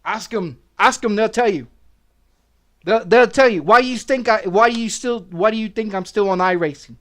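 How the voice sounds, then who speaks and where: High-voiced, profane, ranting man. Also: normal speed, fairly bright tone. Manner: profane, aggressive, repetitive ranting. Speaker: game streamer. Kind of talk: angry streaming rant.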